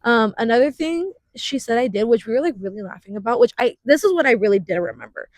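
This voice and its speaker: A woman in her twenties co-hosting a podcast in casual chat, talking fast with many fillers and frequent laughs. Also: fairly high pitch, lively intonation, no echo. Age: 20s. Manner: chatty, laughs often, uses many fillers. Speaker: podcast co-host.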